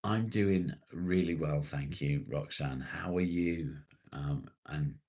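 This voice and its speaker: A British man with a very low, deep voice hosts a relaxed live stream and answers viewers' comments one by one. He talks slowly and easily, with casual swearing along the way.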